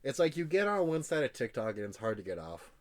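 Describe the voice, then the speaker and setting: Joking young man with a lively voice. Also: medium pitch, quick pace. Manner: joking, laughs often, does silly voices. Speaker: podcast co-host. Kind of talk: casual chat. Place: bedroom.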